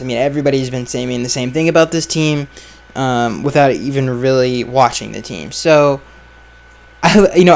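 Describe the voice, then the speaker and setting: A man hosting a podcast, chatting casually and giving blunt, offhand opinions, his sentences often trailing off, recorded outdoors. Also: medium pitch. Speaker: podcast host answering fan questions. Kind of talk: casual chat. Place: outdoors with flies around.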